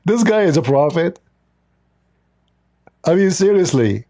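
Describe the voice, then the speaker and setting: A man's voice: high voice, big pitch swings, unhurried, dark tone. A man hosting a livestream, talking in a mocking, sarcastic way in non-native English. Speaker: livestream host. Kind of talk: livestream polemic commentary.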